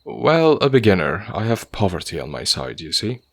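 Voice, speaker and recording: A man's voice: low voice, big pitch swings, normal speed, no room sound, exaggerated voice. Man reading a cheerful young writer. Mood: cheery. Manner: easy good-humoured, earnest. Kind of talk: audiobook character voice.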